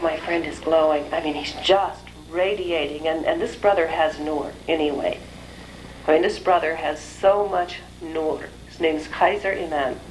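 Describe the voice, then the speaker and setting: Before a gathered audience in a lecture hall, a middle-aged woman with a rather low voice tells a personal story. She narrates with energy, mimicking the voices of those she quotes, and this old, low-quality recording carries a faint hiss.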